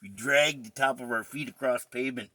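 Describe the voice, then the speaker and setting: A man's voice: mid-range voice, normal speed, sharp tone, dry recording. A man in casual podcast chat, telling crude, profane stories and laughing often.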